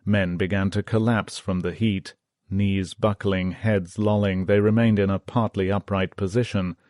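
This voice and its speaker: A man narrating a history audiobook in a steady, measured reading. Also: low voice, dry recording, studio quality.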